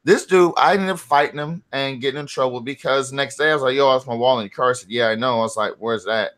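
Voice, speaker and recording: A man's voice: mid-range voice, fast talker, fairly bright tone. A man with an ordinary mid-range voice, talking in a laid-back, matter-of-fact way. He chats casually and tells his story plainly. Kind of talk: casual chat.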